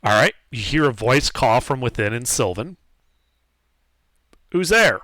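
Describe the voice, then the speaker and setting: A man's voice: mid-range voice, normal speed, no room sound, clean studio sound. A man running a live tabletop game as game master, talking casually and setting scenes for his players. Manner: runs the scene in a relaxed, conversational way.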